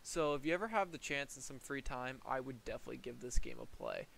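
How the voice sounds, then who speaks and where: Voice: mid-range voice, wildly swooping pitch, quick pace, creaky, a bit bright, slight background noise, low-quality recording. A young adult game reviewer talking casually and swearing freely while giving a gameplay review.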